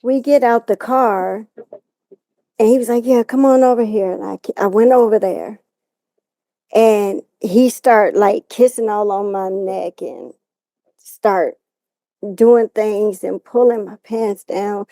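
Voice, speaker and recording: A woman's voice: mid-range voice, fairly even intonation, slow, vocal fry, warm tone, dry recording. A woman telling a distressing personal story as a talk-show guest, acting out what others said.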